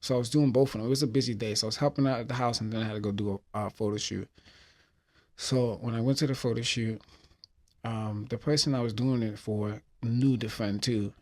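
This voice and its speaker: A man's voice: medium pitch, steady tone, fairly quick, a little mellow. A man hosting a podcast, telling a story in a heartfelt, hesitant way while reflecting on losing a friend. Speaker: podcast host.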